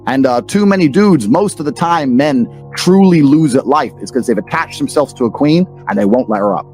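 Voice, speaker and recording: A British man from England appears as a podcast guest, telling blunt, profane stories and ranting with emphasis. His medium-pitched voice is expressive, brisk and a bit dark, with faint music in the background.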